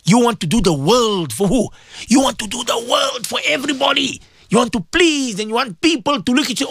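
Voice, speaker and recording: Passionate guy on morning radio preaching, voice swings a lot, kinda raspy fry. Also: high voice, big pitch swings, a little fast, fairly bright tone, no echo. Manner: fervent, repetitive, pleading with listeners. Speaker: radio presenter. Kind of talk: emotional Islamic radio talk.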